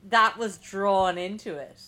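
A woman's voice: medium pitch, unhurried, a crowd in the background. A woman co-hosting a podcast in casual chat, rambling and punning with frequent laughs and restarts. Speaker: podcast co-host.

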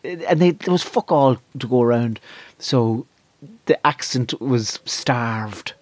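This Irish stand-up comedian sounds animated, his mid-range voice recorded with no room sound. His routine is profane and wandering, hopping between ideas and breaking into quick impressions.

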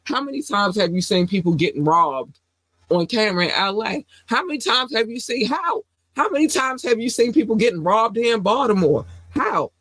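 A woman's voice: a little high, expressive, normal speed, a bit bright, dry recording. Sick woman podcast host, dry sound. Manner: emphatic, repeats phrases for effect. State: sick with sore throat and runny nose. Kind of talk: casual podcast chat.

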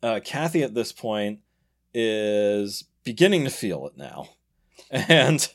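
Slow and low-pitched, a man hosting a podcast recounts a story in a casual way. Frequent laughter and acted-out quotes keep the retelling animated.

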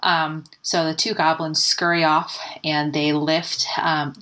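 A woman narrating as game master in a casual tabletop game, chatty and quick to laugh. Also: low-pitched, level tone, a bit bright. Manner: chatty, laughing, lots of fillers.

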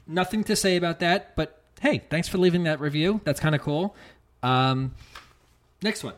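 A man's voice: fairly high pitch, normal speed. A man co-hosting a podcast, chatting casually and jokingly, reading listener reviews aloud. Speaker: podcast co-host. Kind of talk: casual chat.

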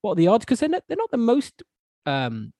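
A man's voice: sits high, brisk, dry recording. Chatty male football podcast host. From Wales. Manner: chatty, animated, stumbling restarts. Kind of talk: casual football chat.

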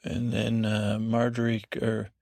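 A man hosting a podcast, rambling through a bedtime TV recap in a meandering, halting way with many restarts and asides. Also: lowish voice, monotone, vocal fry, darkish tone, no echo, studio quality. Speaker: podcast host.

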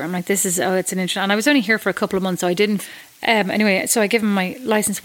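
A woman's voice: mid-range voice, steady tone, quick pace, hardly any pauses. Woman, Irish accent, podcast co-host, wry, chatty storyteller, casual. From Ireland. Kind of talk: casual chat.

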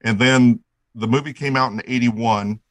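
A middle-aged man spins a long, excited tale as a podcast guest, tripping over his own sentences as he goes. His voice sits in an ordinary middle register. It is recorded bone dry, with no room sound at all. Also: mid-range voice, normal speed, no echo, rough recording. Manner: enthusiastic, rambling, with frequent restarts. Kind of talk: casual storytelling chat.

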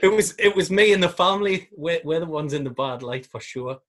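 A man's voice: a little high, animated, fairly quick, fairly bright tone, a little hiss or hum. A man, co-hosting a podcast in casual chat, telling stories and laughing often. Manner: laughs often, jokey storytelling. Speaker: podcast co-host.

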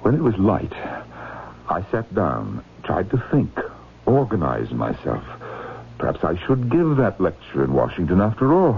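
An actor playing a haunted professor who stammers, panics and pleads, in a 1970s radio drama. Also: male voice, deep voice, wildly swooping pitch, a little slow, creaky, full character voice. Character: frantic, haunted older male professor. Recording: tinny old radio broadcast, faint noise.

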